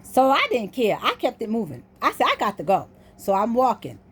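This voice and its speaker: A woman's voice: a little high, wildly swooping pitch, brisk, breathy edge. A woman casually telling a story to her viewers, acting out what the people in it said. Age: adult. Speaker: vlogger.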